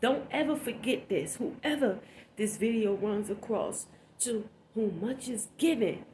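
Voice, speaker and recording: A woman delivers an emotional vlog commentary, sniffling and choked up as she speaks. She talks slowly and repeats lines for emphasis in a preachy way. Her voice sits a little high, with faint ambient noise behind her. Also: lively intonation, a little mellow. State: tearful, sniffly. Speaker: vlogger.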